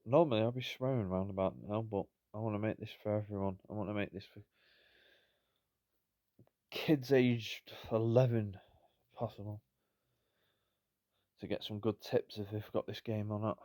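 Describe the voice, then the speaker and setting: A man's voice: on the low side, fairly even intonation, normal speed, long pauses, dark tone, no room sound, studio quality. A tired man giving rambling, self-deprecating commentary on a football management game. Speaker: gaming YouTuber. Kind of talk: casual gameplay commentary.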